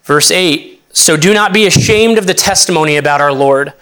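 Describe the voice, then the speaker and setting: Earnest young man preaching, bright clear voice. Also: on the high side. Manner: earnest, halting with many restarts and fillers. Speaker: associate pastor. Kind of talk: sermon.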